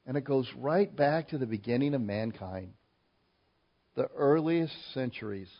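A male pastor preaching a sermon, emphatic and rising loud on key points. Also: mid-range voice, measured pace, dull audio.

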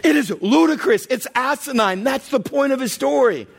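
A middle-aged man preaching a comedic sermon in a church, animated storytelling that acts out characters and often shouts and laughs. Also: very high voice, normal speed, vocal fry, breathy edge. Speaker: pastor.

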